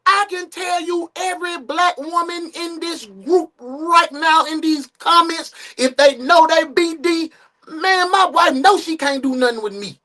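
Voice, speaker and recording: A man hosting a live-stream reaction show, joking casually and swinging into loud outbursts. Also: extremely high pitch, a little slow.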